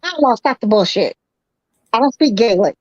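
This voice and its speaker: A woman's voice: fairly high pitch, animated, moderate pace, dry recording, highs cut off. A woman co-hosting a live boxing stream, blunt and slangy, swearing freely. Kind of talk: casual live commentary chat.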